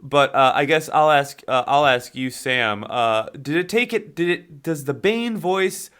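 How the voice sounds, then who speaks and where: Bright-voiced male podcast co-host, rambling. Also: fairly high pitch, animated, measured pace, clear, resonant tone. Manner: rambling, many fillers and restarts, asks questions. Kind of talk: casual movie discussion.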